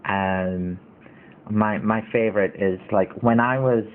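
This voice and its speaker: A man's voice: lowish voice, steady tone, slow pace, slight background noise. A man in his thirties hosting a casual livestream, rambling and indignant, with lots of fillers. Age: 30s. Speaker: livestream host. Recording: tinny phone-like audio.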